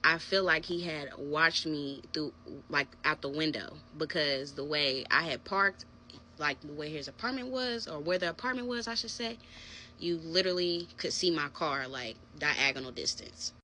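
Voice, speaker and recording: A young adult woman narrating a personal story to her viewers in a casual, animated storytime vlog. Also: deep voice, normal speed, a little hiss or hum. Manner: animated, conversational storytelling, addressing viewers as "y'all". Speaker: vlogger.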